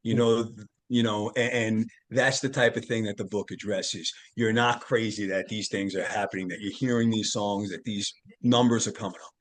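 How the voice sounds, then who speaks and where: A man, a guest on a talk show, telling a family story in an earnest, animated way. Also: fairly low pitch, moderate pace. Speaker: podcast guest, tarot reader and author. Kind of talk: casual storytelling interview.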